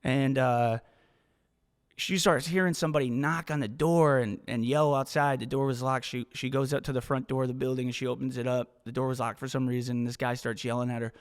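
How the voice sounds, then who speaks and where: A man's voice: mid-range voice, fairly even intonation, fairly quick, in a large hall. A man hosting a fitness podcast, delivering a motivational monologue in an emphatic, profane way and often repeating himself. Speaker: podcast host.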